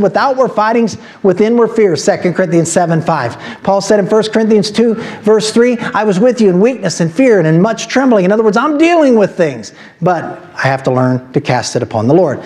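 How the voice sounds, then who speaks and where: High-voiced man preaching a sermon. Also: darkish tone. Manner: preacherly, rising to emphatic exhortation. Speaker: pastor. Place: church sanctuary.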